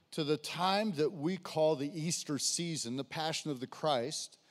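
A man, a pastor, preaching a conversational sermon and calling out to his congregation. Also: fairly high pitch. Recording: long hall reverb.

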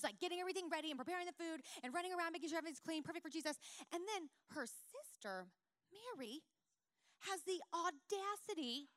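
A woman preaching a sermon, telling lively self-mocking stories and then turning soft and earnest. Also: high voice, dry recording, studio quality. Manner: animated, self-mocking storyteller.

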